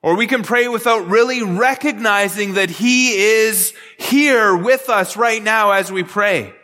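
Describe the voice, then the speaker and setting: A male pastor preaching a sermon in a high, bright, forward voice. He teaches earnestly, often catching and restarting his phrases mid-thought. The sound carries a long hall reverb. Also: measured pace.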